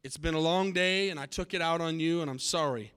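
Preacher doing a worn-out dad in a story, exasperated and sharp-edged, higher-pitched man. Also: brisk, clear, resonant tone, natural voice. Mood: apologetic. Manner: snapping, exasperated. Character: tired, irritable working father.

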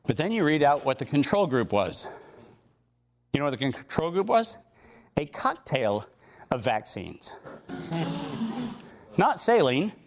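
Man lecturer, high pitch, sarcastic, emphatic, hammers home each point in a talk with slides. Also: big pitch swings, moderate pace, long pauses. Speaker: speaker giving a talk.

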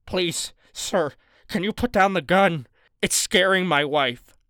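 A man doing a frightened older man, pitched up and pleading. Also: a bit bright, clean tone, dry recording, studio quality. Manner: higher, pleading, halting.

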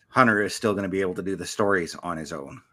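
Lower-voiced man chatting loosely. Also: fairly bright tone. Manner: loose, filler-heavy, says "you know". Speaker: podcast co-host. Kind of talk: casual chat.

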